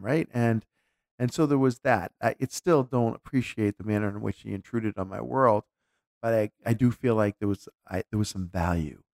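Man, low and gravelly, dry close mic; candid, reflective storyteller. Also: fairly quick, darkish tone, no room sound. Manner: candid, reflective, with frequent restarts. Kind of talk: casual conversational storytelling.

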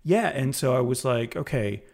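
A man co-hosting a podcast, talking in a relaxed, chatty way with lots of fillers. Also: medium pitch, moderate pace, vocal fry. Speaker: podcast co-host. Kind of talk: casual chat.

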